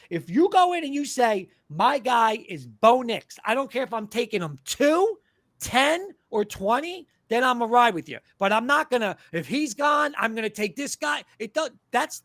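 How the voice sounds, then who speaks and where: A male sports show host on a tear, his voice gravelly and swinging widely in pitch as he hammers his points home. He sounds close and dry, with no room around him. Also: big pitch swings, moderate pace, fairly bright tone, dry recording. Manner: ranting, emphatic, mocking fans' views. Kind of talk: fired-up sports talk.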